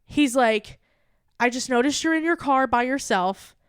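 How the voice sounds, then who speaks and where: High-voiced woman telling a lively story. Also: a little slow, clean tone, dry recording, clean studio sound. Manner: animated, acts out quoted dialogue. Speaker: podcast co-host. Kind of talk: casual storytelling chat.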